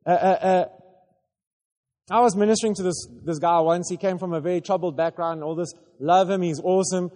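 Male preacher, higher voice, animated halting storyteller, big hall reverb. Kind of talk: storytelling sermon.

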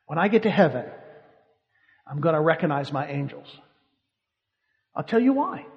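A man preaching, telling a lively story with animation and frequent laughter. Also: on the high side, moderate pace, long reverb tail, highs cut off. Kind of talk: sermon storytelling.

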